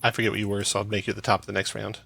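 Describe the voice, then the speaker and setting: A man running a tabletop game as game master, quick and chatty, laughing often. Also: lowish voice, level tone, creaky, bright, forceful tone, husky, dry recording.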